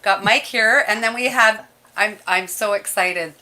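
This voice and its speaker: A woman's voice: medium pitch, unhurried, sharp tone. A woman co-hosting a live music show, a local musician, bubbly and giggly as she chats. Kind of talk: casual live show chat.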